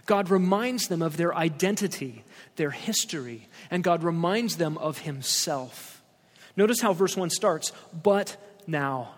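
A man's voice: on the high side, expressive, unhurried, in a large hall. A male pastor preaching an expository sermon, emphatic, reading scripture aloud with rising stress.

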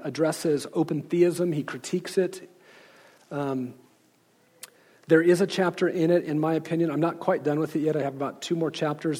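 A man, apparently a pastor, informally recommending books and pausing often as he reflects. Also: fairly high pitch, mellow. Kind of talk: informal book recommendations with read-aloud quotes.

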